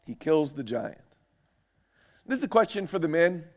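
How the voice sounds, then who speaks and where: Male preacher, high-ish voice, animated, quizzes the congregation. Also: normal speed. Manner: animated, asks the audience questions. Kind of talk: sermon lecture.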